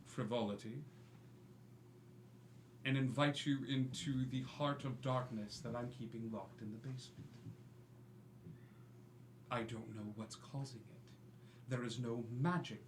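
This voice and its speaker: A man voicing a grim, wounded guard who speaks low, measured and grave in an echoey room. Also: natural voice. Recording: echoey room with faint noise.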